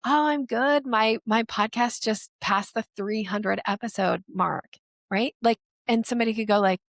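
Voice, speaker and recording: Gravelly-voiced woman sales strategist. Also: medium pitch, moderate pace, no room sound, studio quality. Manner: lively, acts out quoted voices. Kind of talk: podcast interview guest explaining.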